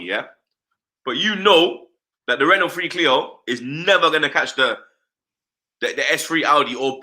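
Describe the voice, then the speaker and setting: A man rants about football on a live stream, his voice very bright and ringing, pitched a bit high. He fills every thought with street slang and keeps asking "you understand?". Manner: animated slangy rant, repeats "blood" and "you understand". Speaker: football fan pundit.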